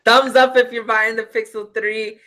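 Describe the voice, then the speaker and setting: A woman with a bright voice co-hosts a live tech chat. She jokes and giggles often. She talks in a relaxed, casual way. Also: on the high side, normal speed. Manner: giggly, joking. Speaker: live-stream co-host.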